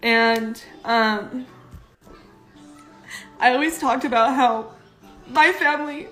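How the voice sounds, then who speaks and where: A woman's voice: sits high, takes it slowly, a bit bright, reverberant, faint music behind, poor audio. A woman talking earnestly and emotionally in a personal social media video.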